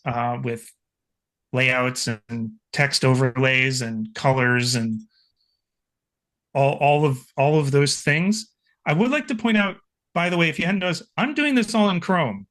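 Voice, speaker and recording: A man with a slightly raised voice walks through a live software demo, enthusiastic and chatty. He talks over a video call, filling his thoughts with casual asides. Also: on the high side. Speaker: guest expert.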